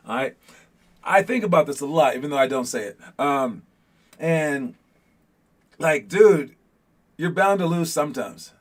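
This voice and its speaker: A young man gives young basketball players a casual pep talk at normal speed and medium pitch. He rambles with plenty of fillers and grows animated while retelling scenes.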